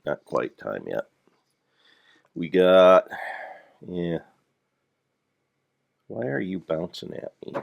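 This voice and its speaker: Very deep gravelly older man. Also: big pitch swings, slow pace, pauses often. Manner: rambling, dry dad-joke humor. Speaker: Minecraft let's player. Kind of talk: casual gameplay commentary.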